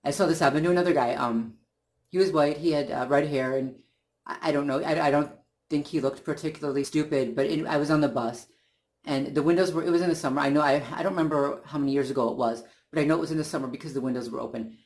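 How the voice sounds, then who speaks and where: A man's voice: on the high side, steady tone, fast, a little mellow. A man talking in a casual monologue, earnest and indignant, often restarting his sentences as he works through his point. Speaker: channel host.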